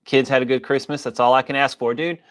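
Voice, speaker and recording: A man's voice: mid-range voice, flat delivery, fast talker. A man hosting a casual livestream, loosely joking and greeting viewers by name, with a slight wheeze in his voice. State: coughing, a bit wheezy. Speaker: livestream host reading chat.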